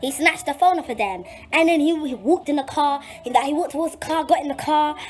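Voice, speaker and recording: A young woman telling a dramatic story vlog, animated and swearing freely. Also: high voice, fast talker, soft background music. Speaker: vlogger.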